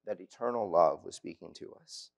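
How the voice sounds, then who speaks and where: A man's voice: deep voice, normal speed, creaky. Earnest man preaching a sermon. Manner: earnest, personal storytelling preaching. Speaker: preacher at youth lectures. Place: church auditorium.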